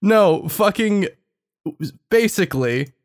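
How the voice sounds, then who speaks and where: High, lively man hosting, sweary and teasing. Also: takes it slowly. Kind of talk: casual group banter.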